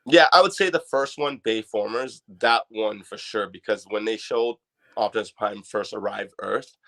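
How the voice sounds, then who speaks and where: A man's voice: lowish voice, normal speed, vocal fry, sharp tone. A man from Canada, a guest chatting on a podcast about his toy collection in a loose, enthusiastic way. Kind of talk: casual podcast chat.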